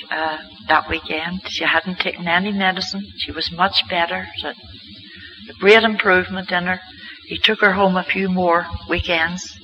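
A man's voice: on the high side, vocal fry, bright, forceful tone, slight background noise, rough recording. A man giving a church lecture, telling healing stories with an earnest, emphatic storytelling manner. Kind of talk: storytelling sermon talk.

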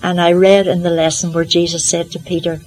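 An older woman sharing a personal testimony in an earnest, gently humorous, reflective way. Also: lowish voice, level tone, fairly quick, a little hiss or hum, poor audio. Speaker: Christian Science practitioner.

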